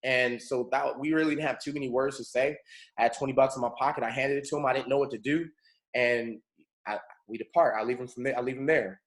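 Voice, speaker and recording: A man's voice: mid-range voice, steady tone, fast talker. A man from California leading a morning mentorship call, telling a personal story in an earnest, motivational way and often calling his listeners folks. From Pomona, California. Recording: roomy echo.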